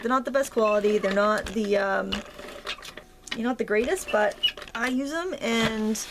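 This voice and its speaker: Chatty craft-tutorial host, woman with a Maine accent, slightly high, gravelly voice, faint noise behind. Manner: chatty, self-deprecating, thinks aloud while working.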